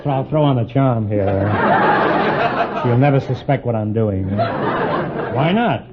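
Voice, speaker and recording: A man hosts a quiz show in teasing, wisecracking banter, firing off quick puns. The recording is a muffled 1950s broadcast buried under heavy hiss. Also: medium pitch, a loud crowd. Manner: teasing, quick punning asides.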